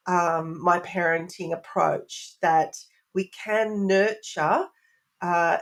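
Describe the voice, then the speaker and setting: A woman's voice: fairly low pitch, vocal fry. A middle-aged woman, a parenting expert, answering interview questions in an earnest, explanatory way, often asking rhetorical questions.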